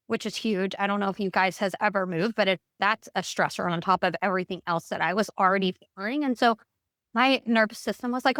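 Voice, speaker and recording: A woman speaking as a podcast guest, telling her story in a candid, expressive way. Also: medium pitch, brisk, dry recording. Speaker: guest, breathwork guide. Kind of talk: podcast interview.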